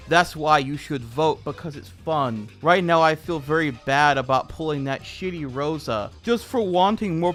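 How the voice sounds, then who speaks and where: A man voicing a furious, whiny man screaming complaints at a mobile game, in shrill sputtering bursts. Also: a bit bright. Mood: sulky whining.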